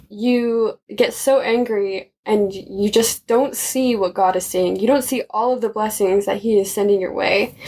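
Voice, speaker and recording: A young woman, a podcast guest, telling personal faith stories in casual chat and laughing often. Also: a little high.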